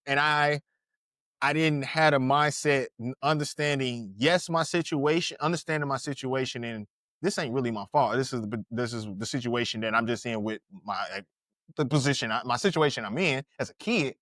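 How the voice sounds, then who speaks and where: A man's voice: mid-range voice, normal speed, a bit bright, no echo, studio quality. A man in his thirties, a podcast co-host, telling stories in casual chat with slang, laughter and frequent restarts.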